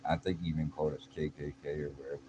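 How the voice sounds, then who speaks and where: A very deep-voiced middle-aged vlogger talks very fast in a flat delivery, telling a personal story bluntly and casually with a streetwise edge, plenty of slang, and many restarts. The audio sounds dull, and background noise is clearly audible.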